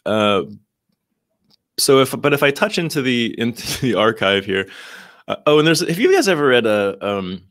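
A man's voice: medium pitch, very animated, moderate pace, fairly bright tone, no room sound, studio quality. A man, a guest on a live talk show, talking reflectively in casual conversation with many restarts.

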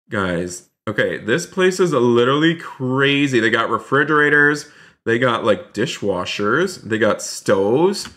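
A man streaming a role-play game live, excitable, talking to his chat and repeating himself. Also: medium pitch. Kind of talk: live gameplay commentary.

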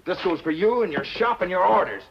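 An actor playing a surly outlaw with rude, blustering talk, from a muffled old TV soundtrack. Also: male voice, sits high, lively intonation, fairly quick, gravelly, a little hiss or hum. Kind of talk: 1950s TV western acting.

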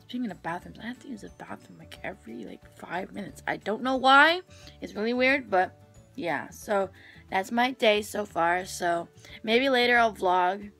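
Bright-voiced woman chatting to camera. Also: mid-range voice, gravelly. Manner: rambling, filler-heavy storytelling. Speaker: vlogger. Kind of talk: casual chat to camera.

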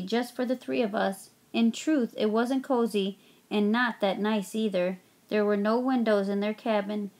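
A woman's voice: medium pitch, darkish tone. Woman reading a storybook aloud. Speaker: narrator.

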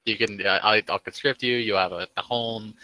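Brash male player, deep voice, sharp bright tone, dry sound. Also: fairly even intonation, normal speed, no room sound, poor audio. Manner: brash, swearing, threatening in character. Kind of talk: in-character tabletop play.

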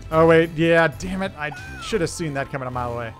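A man's voice: a little high, fast talker, faint music behind. A man live-streaming a retro game, chatting with viewers and laughing at his own mistakes. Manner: animated, laughing, self-deprecating, talks to chat. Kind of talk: live gameplay streaming chat.

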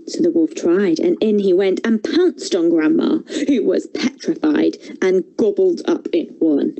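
A woman telling a fairy tale for children in a theatre workshop, expressive and playful. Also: fairly low pitch, unhurried, few pauses, low-quality recording. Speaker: storyteller, theatre workshop leader. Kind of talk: animated storytelling for children.

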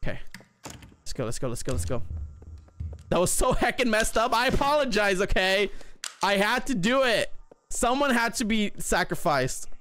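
A man's voice: high-pitched, moderate pace, pauses often. A man streaming a horror game, talking to his chat and shrieking whenever something scares him. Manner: excitable, shrieks when scared. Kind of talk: live gameplay commentary.

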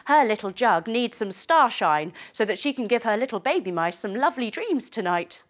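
Animated woman leading kids yoga. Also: a little high, moderate pace. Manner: animated, encouraging, sound effects. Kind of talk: guided yoga storytelling for children.

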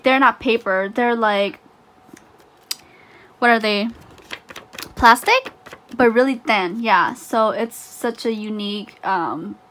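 A woman vlogger chatting casually through an unboxing, gushing and excitable with frequent laughs. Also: on the high side.

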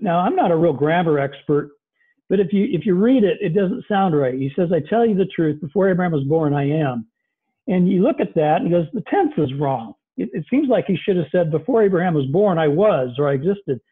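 A pastor with a husky, somewhat high voice preaches a sermon over a video call, earnest and conversational with many fillers. The audio is tinny and lo-fi.

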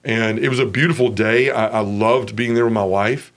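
Candid man, fairly low voice. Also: fairly even intonation, moderate pace. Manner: casual and frank, peppered with "man", "dude" and "like". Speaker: interview guest. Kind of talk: candid personal testimony.

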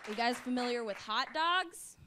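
A woman doing a stand-up comedy set on stage with a handheld mic, deadpan and drawn-out with sudden brash outbursts. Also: on the high side, some chatter behind, slight background noise. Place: comedy stage with a live audience.

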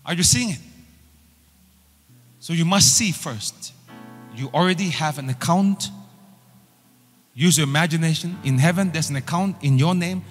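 A male pastor delivering a sermon, emphatic and repetitive, pushing phrases up in pitch as he builds. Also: moderate pace, long pauses, big-room sound, soft background music. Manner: emphatic preaching with repeated rising phrases.

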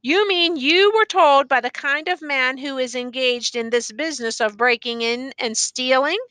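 A woman's voice: high-pitched, pushed and bright, clean tone, dry recording. Woman reading as a grave, stern judge. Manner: stern, measured questioning. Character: grave, probing older male judge.

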